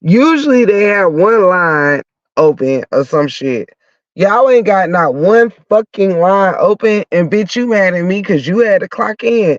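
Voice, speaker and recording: A man's voice: sits high, no room sound. A man with a stuffy nose from a cold, ranting bluntly and cursing through a heated story as a podcast host. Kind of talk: profane comic rant. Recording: dull lo-fi dry sound.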